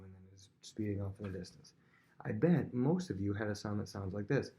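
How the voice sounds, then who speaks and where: A man's voice: fairly low pitch, brisk, darkish tone. A man teaching a physics lesson on video, talking casually and directly to students at home. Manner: casual, chatty, talks straight to students at home.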